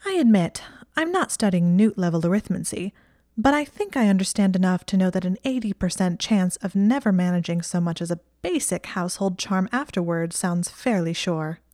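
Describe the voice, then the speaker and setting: A woman voicing a snide, sharp-tongued teenage witch girl in an audiobook reading. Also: fairly low pitch, lively intonation, normal speed, no room sound, clean studio sound, lightly acted. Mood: scornful.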